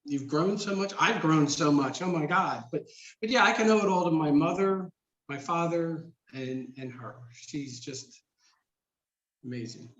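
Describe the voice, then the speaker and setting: Man guest, earnest and choked up, halting restarts, high-ish voice, roomy dull sound. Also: expressive, a bit bright. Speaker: podcast guest. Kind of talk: emotional personal story.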